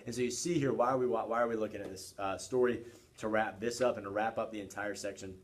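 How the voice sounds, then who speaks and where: A man's voice: fairly low pitch, fairly even intonation, fast. A man teaching history in a casual, conversational lecture, often checking in with his listeners. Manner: conversational, keeps asking "right?".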